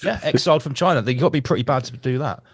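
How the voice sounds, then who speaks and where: Man guest, mid voice, dry close mic, animated, stumbles on words. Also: mid-range voice, racing, gravelly, husky, dry recording. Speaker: podcast guest. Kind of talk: casual roundtable chat.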